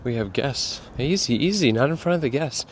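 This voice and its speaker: A man playing a flustered cat owner who hushes and scolds his pet in front of guests. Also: medium pitch, animated, a little fast, a little hiss or hum, voice pushed up, natural voice. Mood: flustered scolding. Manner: hushing, scolding, embarrassed.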